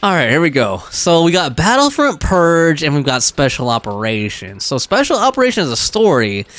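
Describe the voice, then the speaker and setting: With a fairly bright, medium-pitched voice, a man plays a video game on a livestream, chatting casually with his audience. He laughs frequently and reads the game's text out loud.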